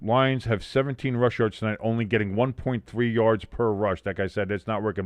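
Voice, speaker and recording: A man hosting a live watch-along stream, calling the game play by play and reading out chat comments, with bursts of excitement on big plays. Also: mid-range voice, normal speed, dry recording. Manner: swears casually.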